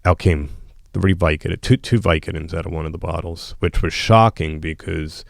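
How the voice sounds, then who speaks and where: A man's voice: deep voice, steady tone, normal speed, gravelly, no room sound, studio quality. A man telling a raw personal story as a podcast guest, bluntly and emotionally, often restarting his sentences. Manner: blunt, emotional, with frequent restarts and quoted dialogue. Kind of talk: candid storytelling in a podcast interview.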